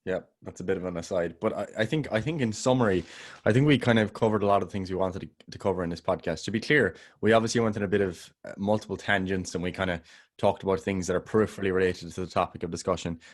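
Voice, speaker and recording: A man with a very low, deep voice talking on a podcast in a relaxed, rambling way. He restarts his sentences often and breaks into laughs now and then. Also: quick pace. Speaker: podcast co-host. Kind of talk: casual podcast chat.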